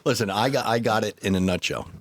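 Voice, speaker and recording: A man's voice: lowish voice, fast talker, no room sound. Wisecracking man, dry close voice. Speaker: podcast co-host. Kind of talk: casual chat.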